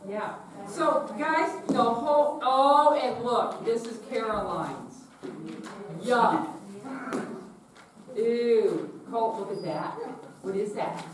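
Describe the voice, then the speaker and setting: A woman leading a children's message in church, gently asking the children questions. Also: fairly high pitch, slow. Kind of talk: children's sermon. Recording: echoey room, far from mic, noisy.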